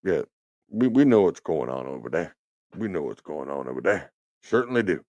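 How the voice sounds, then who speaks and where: A man's voice: extremely low pitch, big pitch swings, moderate pace, darkish tone, no echo. A man hosting a trucking talk show, rambling and teasing in casual chat from his truck cab. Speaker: trucking podcast host. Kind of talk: casual chat while driving.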